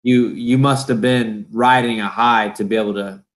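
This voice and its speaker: A man's voice: medium pitch, fairly even intonation, moderate pace, rough recording. A man hosting a podcast, asking questions in hesitant casual chat with many fillers. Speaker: podcast host.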